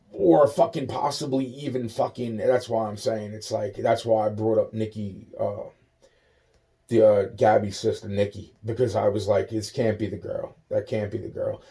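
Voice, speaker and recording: A man's voice: lowish voice, gravelly, mellow. A young man in a rambling, agitated rant, swearing constantly, repeating himself and trailing off into muttered asides. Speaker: monologue speaker.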